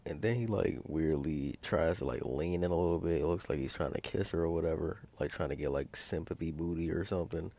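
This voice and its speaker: A man with an extremely low voice that keeps sliding into gravelly fry. He recaps a TV episode in a loose, rambling way, leaning on filler words throughout. He retells the scenes by quoting the characters in his own plain voice. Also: brisk, hardly any pauses, warm tone, no room sound. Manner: rambling, heavy use of filler like "like" and "or whatever". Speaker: video host recapping a TV episode. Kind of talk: casual spoken recap.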